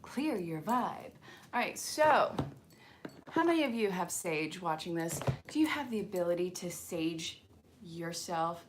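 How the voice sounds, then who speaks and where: A woman's voice: on the low side, sing-song, a little slow, background noise. A woman hosting a casual live-streamed angel card reading, chatty and encouraging, joking with comments from her viewers. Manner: encouraging, spiritual self-help talk. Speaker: angel card reader, channel host.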